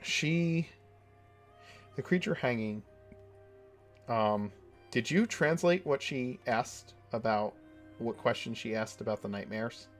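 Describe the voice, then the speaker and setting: A man from New Jersey running a live tabletop game as dungeon master, playful and quick to laugh. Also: medium pitch, faint music behind.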